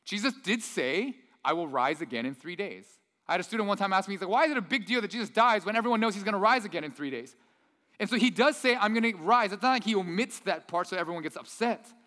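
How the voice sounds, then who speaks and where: A pastor preaching a sermon with lively storytelling, acting out the quoted lines himself. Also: male voice, high-pitched, fast, in a large hall. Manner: animated storyteller, acts out quotes.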